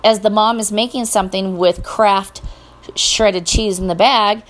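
A middle-aged woman hosts her own podcast alone, talking in a loose, chatty way. She gets fired up and indignant, with sarcastic jabs. Her voice sits at an ordinary middle pitch. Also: fairly even intonation, unhurried. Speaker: podcast host. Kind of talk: casual solo podcast rant.

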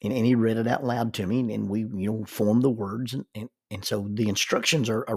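An older man, a grandfather, telling a reflective story with halting starts and repeated words. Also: on the low side, fairly even intonation, creaky, darkish tone, breathy edge. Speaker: grandfather telling life-lesson stories.

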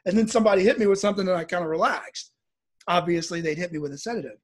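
A man from the American Midwest recounts a personal story in an easy, conversational way. His voice sits high for a man and has a husky edge. He livens the telling by acting out the people in it. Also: quick pace. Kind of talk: casual spoken storytelling.

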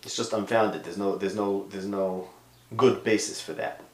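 Low-voiced man giving an emphatic lecture. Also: steady tone, normal speed, reverberant. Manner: emphatic, swings between loud stresses and quiet asides; sprinkles in Hebrew and Yiddish terms. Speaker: podcast lecturer. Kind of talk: conversational Torah lecture.

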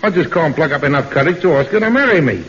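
A man's voice: on the high side, lively intonation, fast talker, fairly bright tone. Bashful man on old radio. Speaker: comic co-star in a radio sitcom. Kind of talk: 1950s British radio comedy acting. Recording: dull old radio recording.

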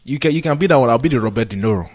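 A young man co-hosting a podcast, talking in a casual, boastful and animated way, swearing freely. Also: mid-range voice, very fast. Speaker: podcast co-host. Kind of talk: casual chat.

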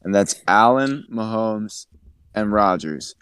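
A young man co-hosting a casual sports podcast, making measured, somewhat hesitant arguments. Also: fairly low pitch, lively intonation, a bit bright, clean tone, no room sound, clean studio sound. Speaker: podcast co-host.

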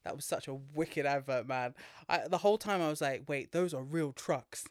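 Brief: man, higher pitch, excitable, slangy podcast banter, dry sound. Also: normal speed, no echo. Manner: laughs easily, excitable, slangy. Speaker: podcast co-host. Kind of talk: casual chat.

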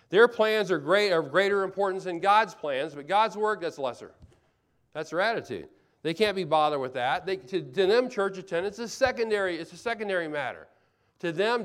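Man, pastor, sermon, higher-pitched voice, earnest, repeats himself for emphasis. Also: fairly bright tone. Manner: earnest, rhetorical questions, repeats phrases for emphasis.

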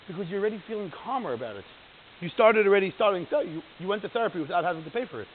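A man's voice: high voice, lively intonation, racing. A man teaching a text study class. He reads Hebrew lines aloud, then translates and explains them in a conversational way, putting rhetorical questions to the class. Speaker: Torah teacher. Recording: tinny phone-like audio with faint hiss.

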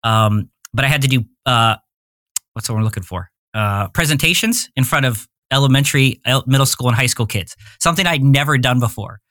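A man's voice: medium pitch, brisk, fairly bright tone, dry recording, studio quality. A man in his forties, a podcast guest telling his story in a candid, rambling way and often searching for words. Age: 40s. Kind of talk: casual interview storytelling.

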